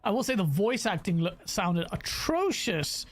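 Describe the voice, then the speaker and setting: A podcast co-host with a London accent chats casually, telling stories in an animated, slangy way and laughing often. He has a high voice and a measured pace.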